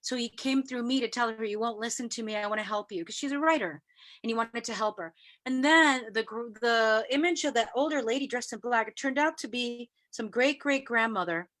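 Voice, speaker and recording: A woman from New York City, a guest in an interview, who tells stories in a lively way and acts out the voices she quotes. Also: on the high side, fairly quick. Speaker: guest sharing spiritual experiences. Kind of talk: casual storytelling interview.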